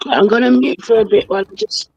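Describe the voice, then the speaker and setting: A woman's voice: fairly high pitch, quick pace, vocal fry, a little mellow, breathy edge, highs cut off. A woman in a casual chat, dropping dry asides and laughing now and then.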